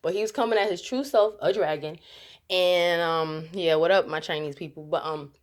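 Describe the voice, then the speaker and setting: Chatty woman with a lowish voice. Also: normal speed, slight background noise. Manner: rambling, chatty, with frequent laughs and restarts. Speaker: vlogger. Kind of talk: casual storytelling to camera.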